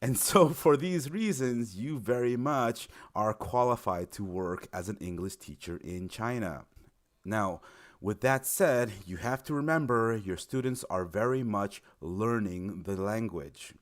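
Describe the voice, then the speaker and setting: A man's voice: fairly low pitch, measured pace. A young man giving an informal explainer video, friendly and encouraging, lifting his voice on key words. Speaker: recruiter explaining teaching in China.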